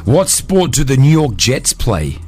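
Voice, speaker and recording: A man hosting a breakfast radio show from a studio, joking with callers and running a quiz in a brisk, upbeat way. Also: mid-range voice, sing-song, darkish tone, husky, faint music behind.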